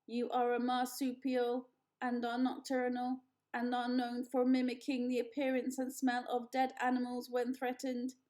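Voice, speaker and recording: A woman's voice: on the high side, moderate pace, close to an everyday voice. A woman putting on a stiff polite robot. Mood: flat. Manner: formal, flat robotic delivery.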